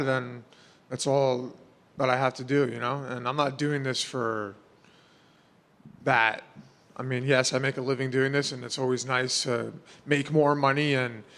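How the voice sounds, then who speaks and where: A man's voice: mid-range voice, gravelly, fairly bright tone, big-room sound. A man, answering press questions in a casual, rambling way full of fillers. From New York. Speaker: fighter.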